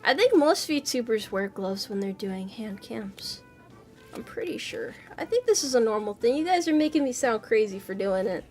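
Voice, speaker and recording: A woman's voice: on the high side, sing-song, normal speed, a little mellow, soft background music. A woman streaming from her home PC, chatting casually with her chat. She swears a lot and mutters to herself as she assembles a model. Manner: swears often, chatty and playful; muttering and exclaiming while building a model. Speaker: VTuber streamer. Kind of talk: casual livestream chat answering chat.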